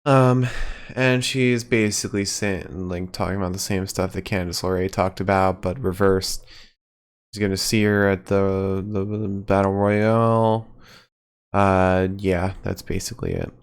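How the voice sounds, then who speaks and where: A man co-hosting a podcast, recapping matches in relaxed, low-key casual chat with frequent fillers. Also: a little slow, clear, resonant tone. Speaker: podcast co-host.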